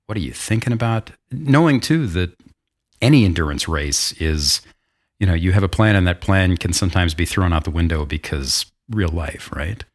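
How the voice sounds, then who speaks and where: Deep-voiced chatty man hosting. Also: normal speed. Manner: chatty, animated storyteller. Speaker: podcast host. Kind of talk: casual podcast chat.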